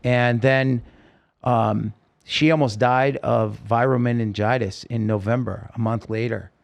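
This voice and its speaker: Gravelly-voiced man telling his story. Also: medium pitch, fairly even intonation. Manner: halting, full of restarts and fillers; earnest and emotional. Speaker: podcast guest, singer-songwriter. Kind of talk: personal storytelling in conversation.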